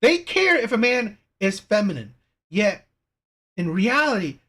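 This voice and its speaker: A woman's voice: mid-range voice, sing-song, unhurried, a bit bright. A woman hosting a reaction channel, giving exasperated, critical commentary with many false starts.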